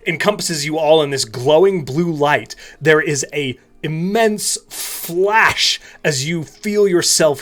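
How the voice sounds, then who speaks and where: A man's voice: a little high, gravelly, fairly bright tone. A man running a tabletop game as game master, narrating scenes loosely with fillers like "um" and "like.".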